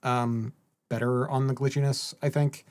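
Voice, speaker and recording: A man co-hosting a podcast in casual conversation. He chats about games in an easygoing way, but his storytelling turns animated and sarcastic. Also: medium pitch, moderate pace. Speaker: podcast co-host. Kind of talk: casual chat.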